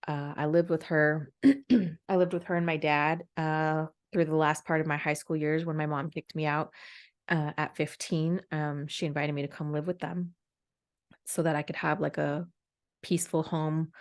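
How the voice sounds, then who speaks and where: A woman in her forties, a podcast host, telling a candid, emotional personal story with many fillers. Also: low voice.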